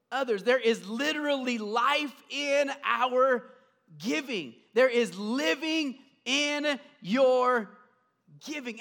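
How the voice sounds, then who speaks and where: A male pastor preaching a sermon, swinging from hushed, low passages to loud, emphatic calls. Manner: acts out quoted voices while retelling a story.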